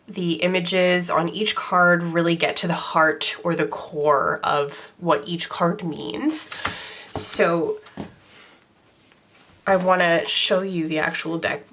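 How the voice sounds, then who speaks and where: A woman's voice: fairly low pitch, fairly bright tone. A young adult woman hosting a casual tarot vlog, talking in a chatty way with ums and self-corrections while congested from a cold. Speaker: tarot channel host. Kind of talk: casual show-and-tell vlog.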